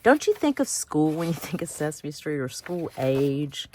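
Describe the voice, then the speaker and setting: A woman's voice: deep voice, big pitch swings, normal speed, a little mellow, slight background noise. A woman hosting a craft video, chatting casually and thinking aloud as she cuts out pictures.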